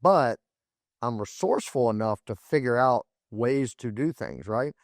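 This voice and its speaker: Solo podcast host, forties, with an animated, creaky mid-range voice and an unhurried pace. He speaks with emphasis and keeps restarting and repeating words, recorded cleanly in a studio without echo.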